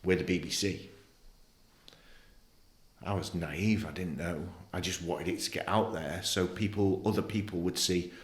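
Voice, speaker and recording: A man's voice: low-pitched, steady tone, unhurried, long pauses, echoey room. A man, a podcast guest telling his story bluntly and animatedly, swearing often. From England. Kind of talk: candid interview conversation.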